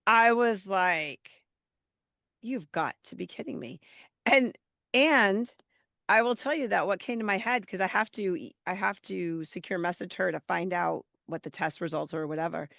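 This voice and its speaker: Female podcast host, chatty animated storyteller, slight head cold, dry close sound. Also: medium pitch, normal speed, creaky, dry recording. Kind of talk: podcast conversation.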